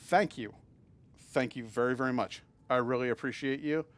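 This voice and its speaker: A man's voice: mid-range voice, moderate pace. A man from Massachusetts streaming a game, chatting casually with his viewers and often stumbling over and restarting his sentences. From Massachusetts, USA. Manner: chatty, often restarts and stammers, reads and answers chat. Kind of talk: casual live-stream chat while gaming.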